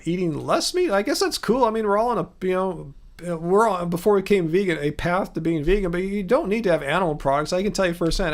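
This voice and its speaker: Earnest middle-aged man questioning chat. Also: high-pitched. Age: 40s. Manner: earnest, questioning, conversational with many restarts. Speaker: livestream host answering chat. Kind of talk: casual livestream chat. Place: home studio.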